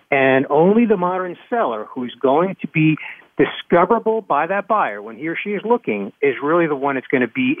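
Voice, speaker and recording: A man talks as a radio panelist, animated and emphatic, sometimes repeating a word as he builds his point. His voice comes through a tinny phone line with a dry, close sound. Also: mid-range voice, no echo. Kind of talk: conversational radio talk.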